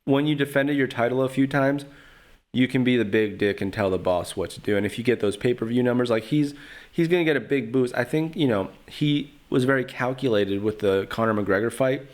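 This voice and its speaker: Medium-pitched and moderately paced, this man rambles through his own podcast in casual solo commentary. He trash-talks freely and leans on fillers such as "you know."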